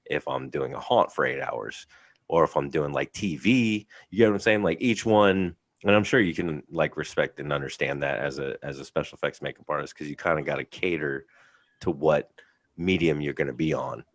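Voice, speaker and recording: Deep-voiced male podcast guest, dry close mic, joking storyteller. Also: normal speed, dry recording. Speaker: guest, special effects makeup artist and haunt actor. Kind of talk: casual podcast chat.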